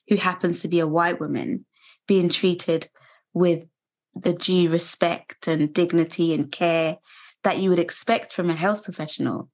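A British woman in her thirties, a guest speaking earnestly and reflectively in an interview, pausing and restarting as she thinks. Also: fairly low pitch, darkish tone. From United Kingdom. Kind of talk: candid interview conversation.

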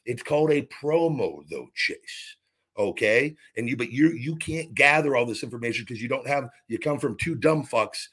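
A man's voice: medium pitch, animated, moderate pace, a bit bright, breathy edge. A man hosting his own podcast, delivering a heated, profane rant full of repeated restarts. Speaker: podcast host. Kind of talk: podcast monologue.

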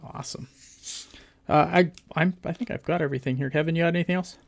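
A man hosting a fan podcast, thanking his guest haltingly with many fillers and restarts. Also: fairly high pitch. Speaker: podcast host. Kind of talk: casual podcast chat.

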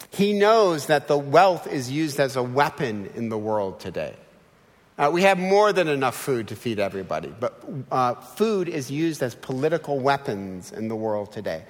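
A man in his fifties preaching a sermon with animated, humorous storytelling. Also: on the high side. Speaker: pastor. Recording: long hall reverb.

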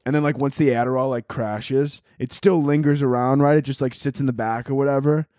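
A man's voice: medium pitch, steady tone, brisk, mellow, dry recording, clean studio sound. A man hosting a podcast, telling a rambling, profane comic story. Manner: rambling, profane, laughing often. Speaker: podcast host. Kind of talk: casual comedic storytelling.

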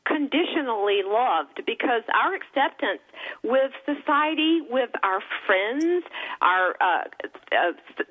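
A woman guest on a call-in radio talk show, her slightly high voice squeezed through a tinny phone line. She tells a personal story with earnest, emotional feeling and speaks warmly of her faith. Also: lively intonation, slow. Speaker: author guest.

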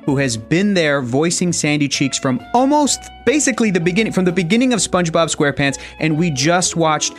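A man's voice: fairly high pitch, very animated, fairly quick, hardly any pauses, soft background music. A man hosting a podcast, introducing a guest in an upbeat, conversational way. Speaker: podcast host.

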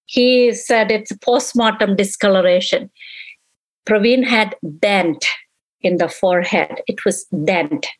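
Slow, grieving middle-aged woman recounting. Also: mid-range voice, poor audio. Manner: slow, emotional retelling, quoting others. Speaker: grieving mother of victim. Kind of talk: recounting events in an interview.

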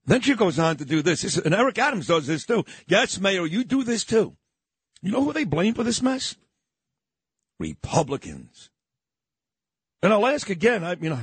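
A man's voice: high voice, very animated, normal speed, long pauses, slightly rough, no room sound. A man hosting a talk radio show in a combative, sarcastic style, mocking politicians. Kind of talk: opinionated talk radio monologue. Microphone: studio microphone.

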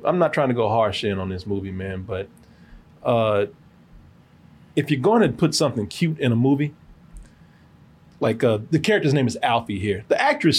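Husky guy hosting a movie review podcast, lively swoopy voice, jokey. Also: medium pitch. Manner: animated, joking, laughs often. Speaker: podcast host and film reviewer. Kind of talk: casual movie review chat.

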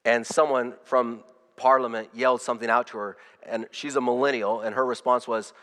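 A man's voice: mid-range voice, fairly even intonation, fairly quick, fairly bright tone, big-room sound. A man preaching a sermon as pastor, earnest, often repeating words and restarting his phrases.

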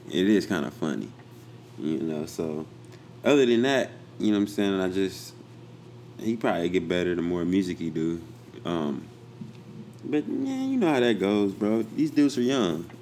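Laid-back deep-voiced man chatting. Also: very animated, normal speed, pauses often, darkish tone, a little hiss or hum. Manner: laid-back, slangy, rambling. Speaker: podcast co-host. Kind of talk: casual chat.

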